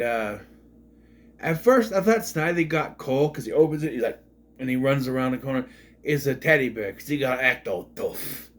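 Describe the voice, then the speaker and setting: Rambling sarcastic male movie reviewer. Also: mid-range voice. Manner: rambling, sarcastic, repeats himself. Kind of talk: casual review monologue.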